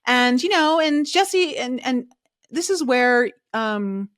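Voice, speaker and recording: A woman's voice: high voice, expressive, slow pace, fairly bright tone, no echo, studio quality. A woman hosting a podcast, recapping a reality show in a casual, chatty way full of fillers and strong opinions. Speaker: podcast host.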